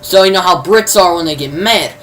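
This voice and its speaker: A man's voice: high voice, fairly quick, fairly bright tone, a little hiss or hum, rough recording. Rambling casual male show reviewer. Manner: rambling, heavy use of "you know" fillers; informal, mild swearing substitutes. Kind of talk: casual spoken recap.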